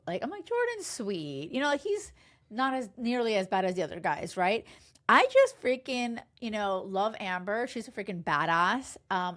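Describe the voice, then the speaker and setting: A woman dating coach recapping a reality show in casual chat, emphatic and animated, swearing freely and acting out quotes. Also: a little high. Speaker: love and dating coach, podcast host.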